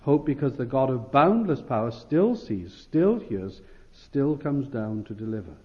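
Guy preaching a bible sermon, earnest and emphatic, mid pitch, bit muffled sound. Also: big pitch swings, a little slow. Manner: earnest, emphatic, with repeated phrases and restarts. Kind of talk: expository sermon.

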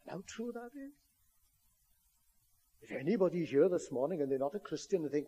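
A man preaches a sermon in a fairly high voice with a husky edge. He speaks earnestly and pushes into emphatic appeals to his listeners. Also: animated, fairly quick, long pauses, warm tone, highs cut off.

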